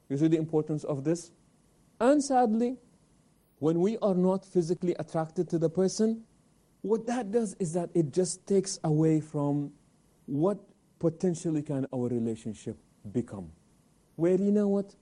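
A man hosting a televised Islamic talk program, animated, answering his own questions and sprinkling in Arabic religious phrases. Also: fairly high pitch.

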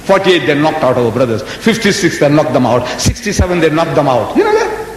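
Older male lecturer in his seventies, lively storyteller, voice fairly high for a man, in an echoey hall with a faint rumble. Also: fairly quick. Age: 70s. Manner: dramatic storytelling with rhetorical questions. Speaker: religious lecturer. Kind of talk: lecture to an audience.

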